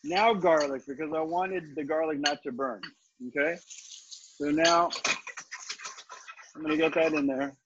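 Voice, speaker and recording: A man's voice: a little high, fairly even intonation, measured pace, pauses often, a bit bright, slightly rough. A man teaching a live online cooking class, chatty and confident, explaining each step as he cooks and answering questions. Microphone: video call. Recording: slightly dull video-call audio with faint noise.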